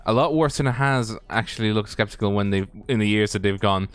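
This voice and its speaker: A man co-commentating a sim race in casual chat, laid-back and teasing, with halting phrasing. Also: fairly low pitch, clean tone, no room sound, faint music behind.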